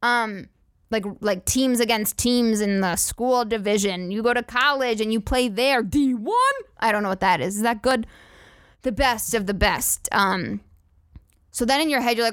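A woman's voice: on the high side, normal speed, smooth, no echo, studio quality. A young woman hosting a podcast, ranting casually with sarcastic, profane, rambling asides. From United States. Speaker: podcast host. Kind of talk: casual comedic rant.

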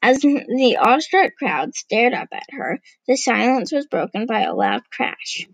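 A woman reading a storybook aloud, unhurried, giving the characters light voices. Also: on the high side, huge pitch swings, dry recording, low-quality recording.

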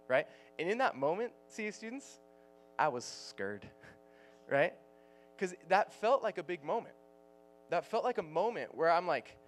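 A man's voice: fairly high pitch, animated, moderate pace, faint music behind. A man in his thirties preaching a casual, joking sermon to students as their youth pastor, laughing often as he talks.

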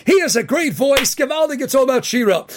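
A man giving an impassioned Torah sermon as a rabbi, often shouting and firing off rhetorical questions, with Hebrew and Yiddish terms mixed into his English. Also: very high-pitched, animated, fast talker, noisy background.

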